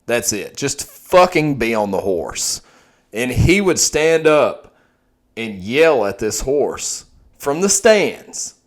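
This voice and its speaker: A man's voice: medium pitch, takes it slowly. A young man, telling stories in casual, profane podcast chat as host. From Texas. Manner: profane, animated storytelling.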